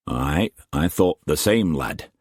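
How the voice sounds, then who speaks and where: A man's voice: a bass voice, expressive, slow, darkish tone, breathy edge, dry recording, studio quality, exaggerated voice. A man reading an audiobook, voicing a commanding, shrewd merchant captain who gives firm, clipped orders.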